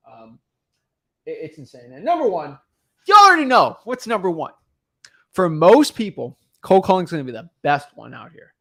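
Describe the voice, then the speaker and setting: A man hosting a podcast in casual chat, energetic and emphatic, rambling with frequent restarts. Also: fairly high pitch, no room sound, studio quality. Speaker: podcast host.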